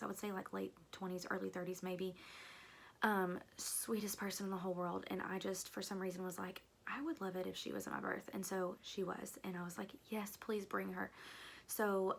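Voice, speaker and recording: Young woman vlogger, mid-pitched and a little gravelly, telling a personal story casually with asides and fillers. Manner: chatty, rambling with fillers and asides to viewers.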